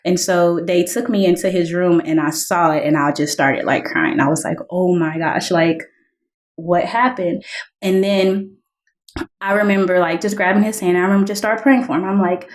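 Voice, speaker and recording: A woman's voice: fairly low pitch, steady tone, moderate pace. A woman guest on a podcast, earnestly telling a personal story, full of "like" fillers and reenacted dialogue. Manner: earnest, heavy use of "like" fillers; reenacts dialogue in raised voices. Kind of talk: personal testimony in conversation.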